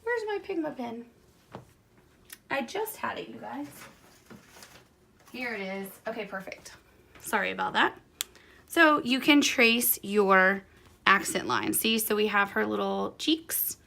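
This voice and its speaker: A woman teaching a quilting project step by step, her voice carrying a gravelly fry. She chats in an easy, encouraging way while her hands stay busy with the work. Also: fairly high pitch, very animated, slow, pauses often, bright, forceful tone. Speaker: quilting instructor. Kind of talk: hands-on sewing tutorial.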